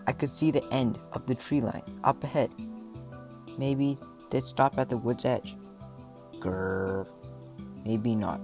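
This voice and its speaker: A man reading a first-person adventure story aloud, with dramatic delivery and voiced shouts and animal sounds. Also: mid-range voice. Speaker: audiobook narrator.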